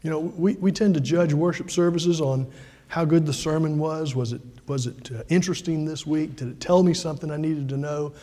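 Male pastor, high mellow voice, chatty sermon in a reverberant church. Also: a little fast. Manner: conversational preaching with frequent fillers and restarts.

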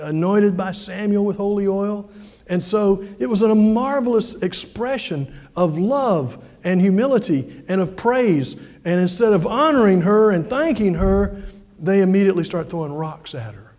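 Conversational preacher with a high voice. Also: male voice, mellow, big-room sound. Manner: conversational preaching with frequent fillers and restarts. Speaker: pastor. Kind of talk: sermon.

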